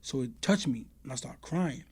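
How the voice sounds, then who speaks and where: Middle-aged man, dark-toned storyteller. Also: medium pitch, normal speed, slightly rough. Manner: animated, acts out the voices of the people in his stories; repeats "you know what I mean". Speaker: interview guest. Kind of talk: casual storytelling.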